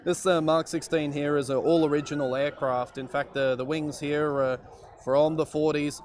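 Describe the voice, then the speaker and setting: A man's voice: on the high side, fairly even intonation, normal speed, darkish tone. Rambling man live streaming outdoors. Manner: rambling, joking, lots of fillers. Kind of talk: casual live-stream chat. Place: outdoors at an airshow.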